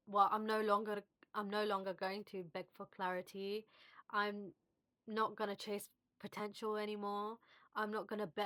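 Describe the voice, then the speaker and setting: A woman vlogger speaking softly and reflectively to her viewers, with fillers and small restarts. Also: mid-range voice. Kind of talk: heartfelt one-on-one talk to camera. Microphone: phone at arm's length, video-call style.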